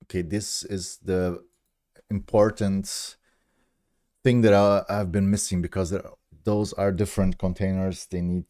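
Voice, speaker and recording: A man's voice: sits low, little pitch movement, slow pace. A man, casually thinking aloud and greeting viewers on a live coding stream. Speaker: livestreamer. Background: background music.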